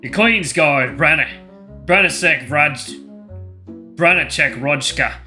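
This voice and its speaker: A man voicing a loud, bumbling male lion royal guard with a put-on accent and old-fashioned speech. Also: a little high, animated, slow, faint music behind, exaggerated voice. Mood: blustering.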